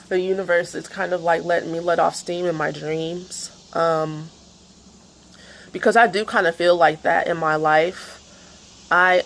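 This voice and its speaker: A woman talks loosely and rambles through an astrology and tarot vlog, full of fillers and asides. Her voice sits on the low side with a gravelly, creaky edge. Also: a little hiss or hum, poor audio. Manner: rambling, chatty, many fillers. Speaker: tarot reader.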